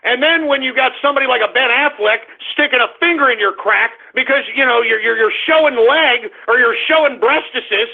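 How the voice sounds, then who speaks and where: A middle-aged man hosting a radio show, ranting angrily and often breaking into shouts. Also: very high-pitched, moderate pace, few pauses. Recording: tinny phone-like audio.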